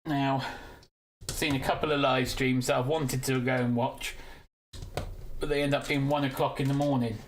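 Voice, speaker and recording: A man's voice: medium pitch, little pitch movement, normal speed, noisy background. A British man from the UK hosting a casual live stream, chatting and giggling to viewers while he builds. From United Kingdom. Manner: chatty, giggly, talks to chat while working.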